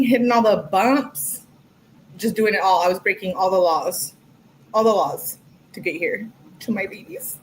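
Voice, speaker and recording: A woman's voice: medium pitch, a little mellow, slight background noise, poor audio. A woman hosting a casual livestream from home, chatty and swearing freely as she greets her viewers. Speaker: livestream host.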